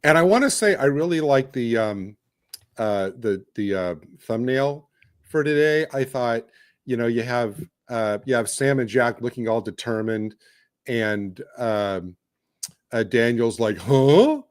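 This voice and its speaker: A man's voice: mid-range voice, a little slow, no room sound, studio quality. A man co-hosting a live watch-along, rambling casually with many ums and uhs. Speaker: co-host.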